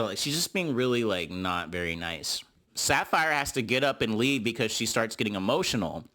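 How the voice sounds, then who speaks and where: A man's voice: sing-song, moderate pace, bright, forceful tone. A man giving a sassy, gossipy recap of a reality TV episode, calling his listeners honey and girl. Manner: mimics cast members in high voices. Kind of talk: casual recap commentary.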